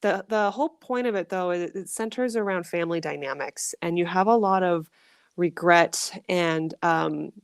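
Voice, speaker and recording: A woman's voice: lowish voice, moderate pace, smooth, no room sound, studio quality. A woman hosting a podcast, chatting casually and enthusiastically about books, with frequent restarts. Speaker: podcast host. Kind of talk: casual chat.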